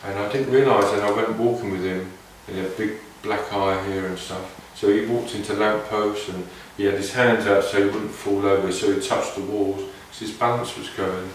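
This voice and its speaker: A man with a slightly low voice tells a wandering anecdote, stopping and restarting as he reflects. He is recorded from a distance in a very echoey room. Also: steady tone, moderate pace, few pauses, a little hiss or hum. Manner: meandering, reflective, with many restarts. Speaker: didgeridoo player sharing stories. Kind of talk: casual anecdotal storytelling. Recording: very echoey room, mic far off.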